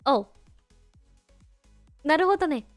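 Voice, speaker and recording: A woman's voice: high-pitched, animated, normal speed, no echo, soft background music. A woman virtual streamer chatting casually with a non-native English accent, playful and giggly, repeating silly phrases. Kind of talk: casual live stream chat.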